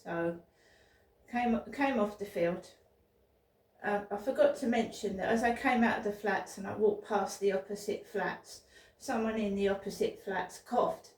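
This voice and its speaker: A woman's voice: mid-range voice, unhurried, a little mellow. Rambling woman, roomy distant sound. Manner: rambling, repeats words and restarts. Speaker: vlogger. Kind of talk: casual spoken diary. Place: indoors at home.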